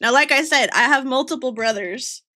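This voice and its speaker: This Georgia streamer, a young woman with a slight Southern lilt, giggles and rambles through family tales while she draws. She speaks at a moderate pace in a high, sharp voice.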